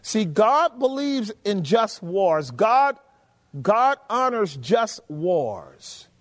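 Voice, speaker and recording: A man's voice: high voice, big pitch swings, drawn-out words. A man preaching a sermon, emphatic, often asking the congregation rhetorical questions. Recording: long hall reverb.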